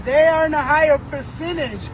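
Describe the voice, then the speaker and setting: A hoarse woman, a singer, ranting emphatically and profanely, often shouting. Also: high-pitched, moderate pace, background noise. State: hoarse, losing her voice. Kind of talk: social media rant.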